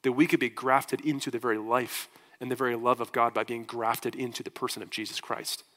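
A man's voice: mid-range voice, little pitch movement, brisk, fairly bright tone. A man, a pastor, preaching a sermon in a church with an earnest voice that swells and drops in force. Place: church sanctuary. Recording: long reverb of a church hall.

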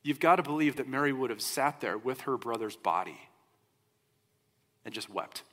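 A man preaching a sermon as a pastor, in a conversational, animated storytelling way. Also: medium pitch, normal speed. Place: church sanctuary. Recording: long hall reverb.

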